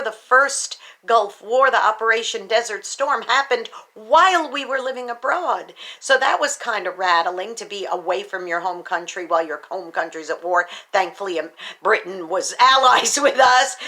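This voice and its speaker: Bright-voiced American woman vlogger. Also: a little high. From United States. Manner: earnest and patriotic, addresses viewers as boys and girls. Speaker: vlogger and speaker. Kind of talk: personal storytelling to camera.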